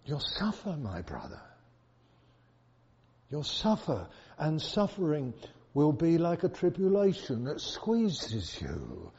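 A middle-aged man from England preaches slowly and earnestly, telling stories and pressing his points home by repeating them. His voice is mellow and unhurried. The recording is dull, with a long hall reverb behind him. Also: on the high side, huge pitch swings, breathy edge. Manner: earnest, repeats phrases for emphasis, tells stories. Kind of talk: sermon.

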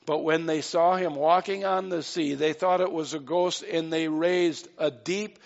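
A man's voice: fairly high pitch, steady tone, a little slow, vocal fry, dull audio. A man preaching a sermon in an earnest way, with light asides and acted-out quotes. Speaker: pastor.

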